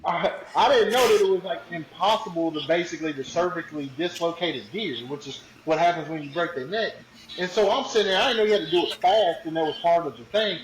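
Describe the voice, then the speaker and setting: A man, a podcast guest, telling a story in a slangy, animated, casual way. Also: fairly high pitch, fast talker, roomy sound, background noise. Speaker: podcast guest, hunting ambassador.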